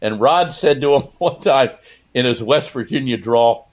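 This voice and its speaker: A man's voice: medium pitch, a little slow. An older man, a sportswriter guest on a podcast, telling stories in a casual interview and laughing as he goes.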